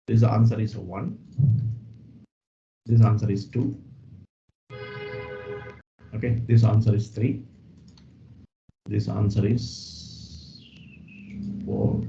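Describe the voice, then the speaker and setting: A man leads a live coding lesson in a mellow, relaxed voice, going through each step slowly and repeating phrases as he types. The audio is dull and lo-fi, with a faint hiss under it. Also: on the low side, creaky. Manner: explains step by step, repeats phrases, frequent "okay" fillers. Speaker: programming instructor.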